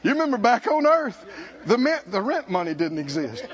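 A man preaching a sermon at a conference, emphatic and sometimes shouting, calling out to the congregation, in a dull lo-fi recording. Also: sits high, sing-song, moderate pace. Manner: emphatic, shouting at peaks, laughing, call-and-response.

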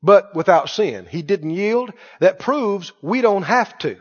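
Emphatic high-voiced male preacher. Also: expressive, slow pace, hardly any pauses. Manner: emphatic, with call-and-response questions to the congregation. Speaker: pastor. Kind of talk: sermon. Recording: dull echoey church recording.

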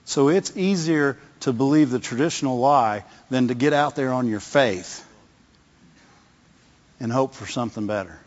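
A man's voice: medium pitch, moderate pace. A man preaching a conversational sermon in a reverberant hall. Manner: conversational, repeats words, asks the congregation "Amen?". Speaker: pastor. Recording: long hall reverb, dull lo-fi sound.

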